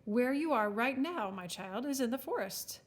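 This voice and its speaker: Woman playing a suave British gentleman, smooth, formal, polite, storybook oddity. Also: on the high side, expressive, moderate pace. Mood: courteous.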